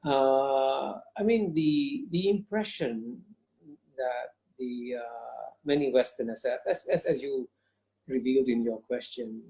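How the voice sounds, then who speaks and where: A man's voice: medium pitch, slow, mellow. A man giving an interview answer, emphatic and insistent, repeating phrases for stress and pressing his argument. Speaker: interview guest.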